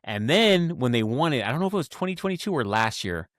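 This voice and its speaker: A man in his forties telling stories in a casual podcast chat, animated and saying "bro" often. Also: mid-range voice, fast talker, dry recording, clean studio sound. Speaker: podcast host.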